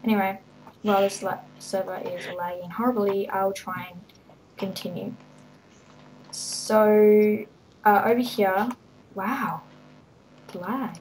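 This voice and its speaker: A woman's voice: mid-range voice, fairly even intonation, slow pace, long pauses, darkish tone, slight background noise, low-quality recording. A woman giving a rambling, hesitant walkthrough of her game server, full of ums and little laughs. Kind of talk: casual game walkthrough commentary.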